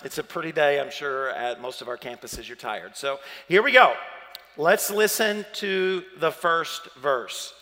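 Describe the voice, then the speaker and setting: A man's voice: fairly high pitch, measured pace, sharp tone, big-room sound. A man with a Southern accent preaching a sermon as pastor, chatty and playful, quizzing the congregation.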